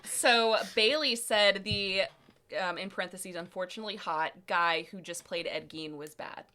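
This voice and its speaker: A woman's voice: medium pitch, normal speed, pushed and bright. A young adult woman co-hosting a podcast in casual chat. She laughs often and quotes other people in put-on voices. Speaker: podcast co-host.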